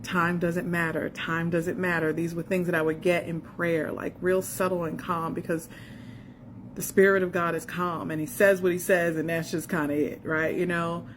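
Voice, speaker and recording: A woman's voice: on the low side, flat delivery, moderate pace, slight background noise. A woman in her forties, a faith coach, sharing an earnest and emotional personal testimony and speaking straight to the listener. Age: 40s.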